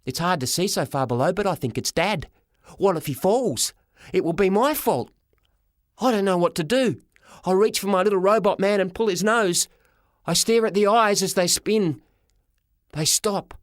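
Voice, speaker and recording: A man narrating a children's story as a boy, with a lively, dramatic reading. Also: high voice, moderate pace, dry recording, clean studio sound. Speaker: audiobook reader. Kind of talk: storybook narration in a boy's first person.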